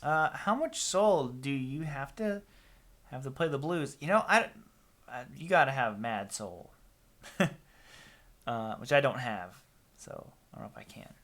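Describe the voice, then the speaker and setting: A man's voice: medium pitch, lively intonation, a little slow, pauses often. A man hosting a casual guitar live stream, rambling and self-deprecating as he reads out viewer comments. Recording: loud guitar music over the voice. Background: loud guitar playing.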